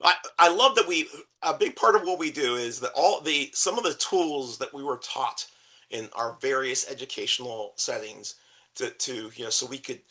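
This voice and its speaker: A man co-hosting a casual podcast chat, with a very bright, ringing tone. He hesitates and repeats words as he thinks aloud, and laughs often. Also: medium pitch, normal speed. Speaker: podcast co-host.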